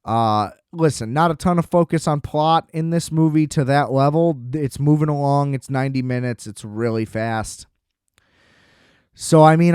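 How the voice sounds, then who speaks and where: A man in his twenties hosting a podcast, giving a loose, animated movie review with casual swearing. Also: medium pitch, moderate pace, clear, resonant tone, no room sound, studio quality. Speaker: podcast host.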